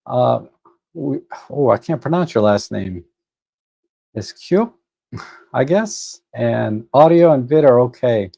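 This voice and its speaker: Relaxed man hosting a live photo edit. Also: medium pitch, slow, gravelly, long pauses, no echo. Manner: relaxed, thinks aloud with fillers and restarts. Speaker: photo editing livestream host. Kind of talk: casual live stream commentary. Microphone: desk microphone.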